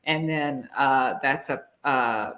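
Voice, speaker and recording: A woman's voice: very deep voice, takes it slowly, a bit bright. A middle-aged woman, co-hosting a casual live stream and rambling with many fillers and restarts. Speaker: show co-host.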